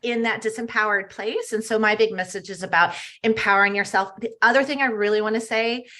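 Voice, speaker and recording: A woman health coach talking as a podcast guest, emphatic and animated, often tagging her points with "right?". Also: medium pitch, brisk. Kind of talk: casual podcast interview.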